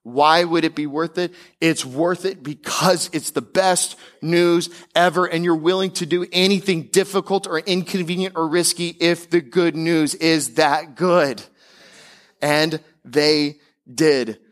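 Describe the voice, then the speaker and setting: Emphatic male pastor, higher voice. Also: a bit bright. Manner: emphatic preaching with casual asides; slows and climbs in pitch on key declarations. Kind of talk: sermon.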